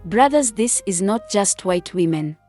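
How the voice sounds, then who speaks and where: A woman's voice: mid-range voice, expressive, a little slow, mellow, faint music behind. A woman hosting a channel, reading scripted commentary in a stern, lecturing way. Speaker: channel host.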